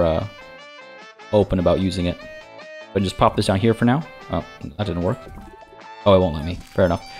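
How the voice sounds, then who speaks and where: A man's voice: low-pitched, darkish tone. A man hosting a let's play, chatting and thinking aloud as he plays, often poking fun at himself. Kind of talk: game commentary.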